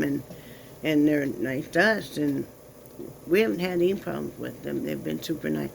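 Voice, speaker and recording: A woman with a gravelly edge talks casually at home to her viewers, drifting into cooing baby talk for her little dog. Her pitch sits in a middle range, and faint room noise is heard behind her. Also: a little mellow, poor audio. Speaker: vlogger.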